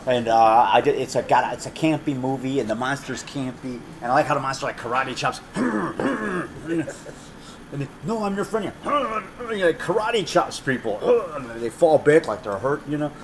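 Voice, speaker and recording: An excitable man chatting over a meal, talking at a medium pitch. He rambles, repeats himself and drifts from one topic to the next. Faint restaurant noise sits behind his voice. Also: moderate pace, creaky. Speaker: low-budget horror filmmaker. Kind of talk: rambling casual chat.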